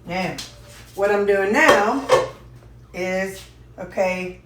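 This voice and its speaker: A woman's voice: medium pitch, steady tone, drawn-out words, long pauses, a little hiss or hum. A woman chatting folksily to viewers while cooking in her home kitchen. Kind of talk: casual cooking vlog chat. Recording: echoey kitchen with dish clatter.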